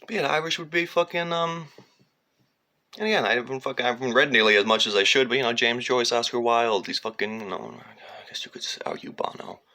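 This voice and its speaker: A man's voice: medium pitch, brisk, pushed and bright. A man telling a digressive, profane story in a rambling monologue. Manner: digressive, profane, slips into sung lines and mocking voices.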